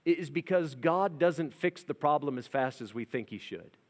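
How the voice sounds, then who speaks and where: A man preaching a lively, humorous sermon as the pastor of a church. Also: on the high side, normal speed, in a large hall. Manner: animated, humorous, acts out scenes.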